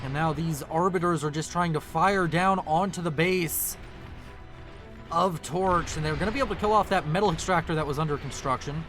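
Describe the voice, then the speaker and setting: A man with a high-set voice casts a strategy game match in a chatty, running commentary. He often corrects himself and apologizes for his slips. Faint music plays behind him. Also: normal speed, a bit bright. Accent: non-local accent, unnamed. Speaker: game caster.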